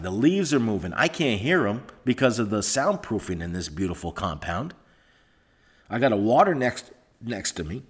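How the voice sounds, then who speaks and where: A husky, fairly low male voice with big pitch swings moves at a moderate pace through a rambling solo podcast. The host is sarcastic and swears, talking into a laptop microphone in a soundproofed room.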